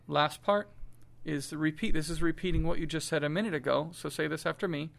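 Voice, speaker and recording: A middle-aged man teaching children a song's diction, saying each phrase slowly and patiently for them to echo back. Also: on the high side, steady tone, gravelly, fairly bright tone. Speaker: music teacher. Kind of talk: call-and-response diction lesson.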